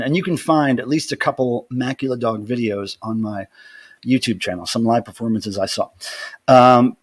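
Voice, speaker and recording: A man hosting his weekly livestream from home, casually greeting viewers by name and rambling through announcements. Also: medium pitch. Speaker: livestream host.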